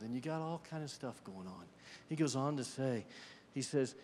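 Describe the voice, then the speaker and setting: A man's voice: mid-range voice, moderate pace, few pauses, a little mellow, a little hiss or hum. A man giving a guest sermon in a church, talking conversationally and asking the congregation questions. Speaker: guest preacher. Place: church sanctuary. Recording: long church hall reverb.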